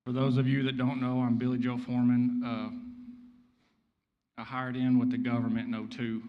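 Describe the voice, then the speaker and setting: A man of middling pitch gives a eulogy full of funny anecdotes. He is nervous but keeps joking as he tells his stories. His voice carries a long hall reverb. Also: dull audio. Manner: nervous, joking storyteller who acts out quotes. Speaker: friend giving a eulogy. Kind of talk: humorous memorial eulogy with anecdotes. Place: church hall.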